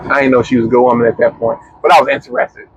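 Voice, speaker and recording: A young man, chatting casually as a podcast co-host and telling a story with lively, slangy quoting. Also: medium pitch, racing, dull audio, a little hiss or hum. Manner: animated, slangy storyteller who acts out quotes.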